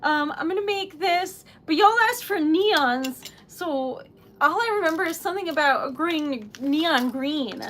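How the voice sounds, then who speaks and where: A woman's voice: high-pitched, lively intonation, unhurried, a bit bright, slight background noise. A young woman chatting on a livestream while crafting, flustered, teary and rambling with giggles. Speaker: livestream host.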